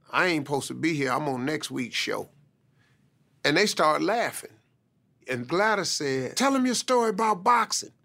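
A man, a comedian, telling a motivational personal story in animated, colloquial speech. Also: on the high side, creaky. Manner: animated, conversational with colloquial phrasing.

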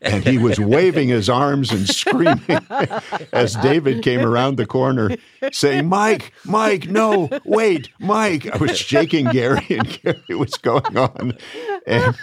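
A man telling a backstage anecdote as a podcast guest, animated and often laughing as he talks. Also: medium pitch, measured pace. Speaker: guest, former cast member. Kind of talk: anecdote storytelling.

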